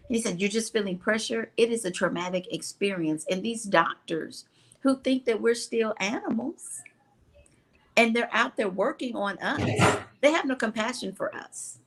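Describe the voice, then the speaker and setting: A woman's voice: medium pitch, normal speed. A woman co-hosting a talk show, telling a personal story in an earnest, emotional way. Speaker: co-host. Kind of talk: casual talk show chat.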